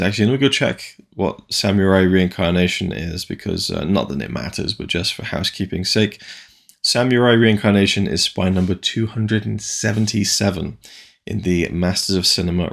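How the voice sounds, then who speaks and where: A man's voice: deep voice, gravelly, a bit bright. A man hosting a casual video rundown of new disc releases, rambling and enthusiastic, with frequent restarts and asides. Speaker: physical media reviewer.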